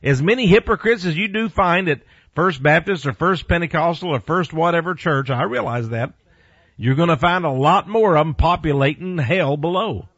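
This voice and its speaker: A man preaching a sermon, emphatic with big swings in pitch and loudness. He speaks to his listeners directly and bluntly, and reads scripture slowly and deliberately. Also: lively intonation, breathy edge, dry recording. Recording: dull lo-fi recording.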